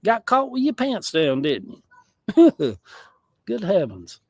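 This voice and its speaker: A man's voice: sits high, wildly swooping pitch, takes it slowly, a little mellow, no echo. A man with a Southern US accent chatting casually on a livestream from outdoors, rambling in a folksy way with chuckling asides. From American South. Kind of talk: casual chat. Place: outdoors in a yard.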